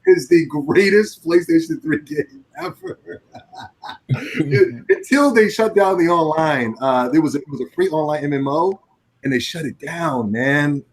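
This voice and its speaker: A man co-hosting a casual gaming podcast, excitable and calling everyone man. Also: on the high side, a little slow, low-quality recording. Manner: excitable, says man a lot.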